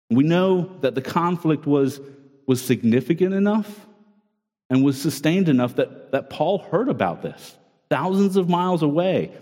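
A man's voice: a little high, a little mellow. A man, in his thirties or forties, preaching a sermon in an earnest, conversational way, often restarting and repeating words. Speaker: pastor. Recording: long hall reverb.

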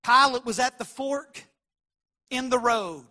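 A pastor preaching a sermon, emphatic and repetitive, swinging from loud declarations to quiet asides. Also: male voice, very high voice, a little slow.

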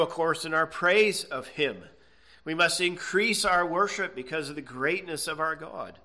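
A man's voice: on the high side, unhurried, bright, forceful tone. A man preaching a sermon, earnest and emphatic, stretching out key words and checking in with "okay?". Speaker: pastor.

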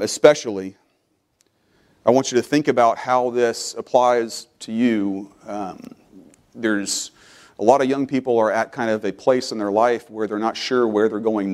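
Man, middle-aged, pastor, pulpit sermon, quiet teaching swelling into loud preaching, church sanctuary. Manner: builds from quiet to loud preaching, rising in pitch as he presses.

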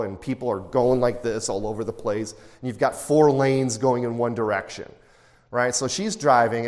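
Middle-aged male pastor in a reverberant hall. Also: medium pitch. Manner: conversational, anecdotal, with asides and chuckles. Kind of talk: expository sermon. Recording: long reverb in a large hall.

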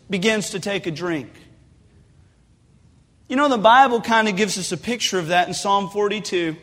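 A man preaching a sermon in a church, telling folksy stories with lively asides. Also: high voice. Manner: animated storytelling with folksy asides. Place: church sanctuary. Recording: long hall reverb.

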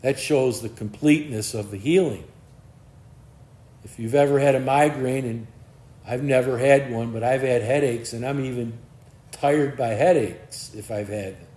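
A man preaching an expository sermon, reading scripture aloud and explaining it verse by verse in a measured teaching tone. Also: mid-range voice, warm tone. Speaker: pastor. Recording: echoey room sound.

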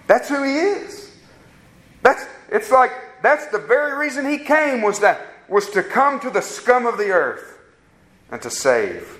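Man, pastor, earnest sermon, rhetorical questions, high-pitched voice, echoey room. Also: a bit bright. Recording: roomy echo.

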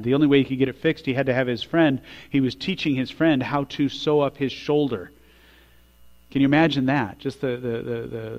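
Middle-aged male pastor preaching emphatically. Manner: emphatic, rising loud for emphasis then dropping low. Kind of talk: sermon. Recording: dull lo-fi recording with mains hum.

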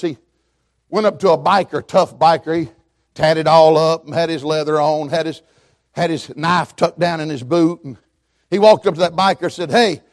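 A man preaching a fiery revival sermon, swinging from hushed, quiet passages to loud shouting. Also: on the high side, gravelly. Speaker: preacher, evangelist.

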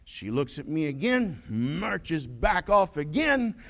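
A man's voice: a little high, slow, gravelly. A man preaching a sermon, telling a folksy story and acting out the voices in it. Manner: folksy, animated, acts out quoted voices. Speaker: pastor.

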